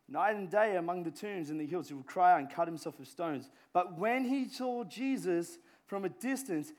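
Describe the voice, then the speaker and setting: A pastor preaching a sermon in a conversational way, full of fillers and restarts, dropping to a hush and rising to a shout. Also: male voice, high-pitched. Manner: conversational, many filler words and restarts, swings from hushed to shouting.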